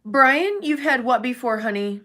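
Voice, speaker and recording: A woman's voice: on the high side, animated, measured pace, pushed and bright. A woman hosting a casual livestream, who chats bluntly with viewers, swears freely and reads out their names. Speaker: livestream host. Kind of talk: casual chat with live viewers.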